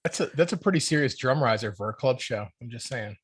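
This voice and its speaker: A man's voice: mid-range voice, lively intonation, quick pace, husky, dry recording. A man on a podcast panel making offhand, wry remarks in casual chat. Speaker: guest panelist.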